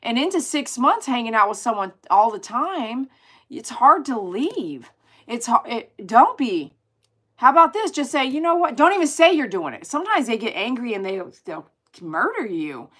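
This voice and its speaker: A woman chatting casually with viewers on her livestream, animated and exclaiming as she reads comments aloud. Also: a little high, moderate pace, slightly rough. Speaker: dog groomer hosting a livestream.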